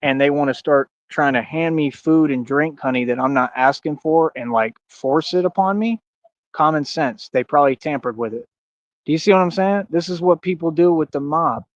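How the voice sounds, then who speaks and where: A man's voice: a little high, moderate pace, no room sound, muffled recording. A man in a combative, boastful livestream rant, going over and over the same points. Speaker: live streamer. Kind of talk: ranting livestream monologue.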